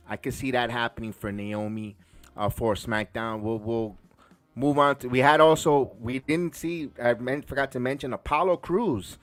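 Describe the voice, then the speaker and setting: A man's voice: mid-range voice, no room sound. A man hosting a podcast, recapping the week casually and enthusiastically, with frequent restarts and fillers. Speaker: podcast host. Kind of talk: casual wrestling recap chat.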